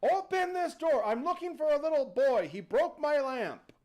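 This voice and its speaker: A man voicing a huge, overly polite male genie who calls out loudly and apologizes as he goes. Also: extremely high pitch, big pitch swings, drawn-out words, voice pushed up, heavily acted. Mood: flustered polite. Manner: apologetic, loud and courteous.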